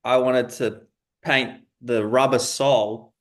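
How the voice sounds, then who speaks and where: A man's voice: medium pitch, steady tone, slow pace. A man interviewing a customer for a paint company, casual and enthusiastic, with lots of short affirmations.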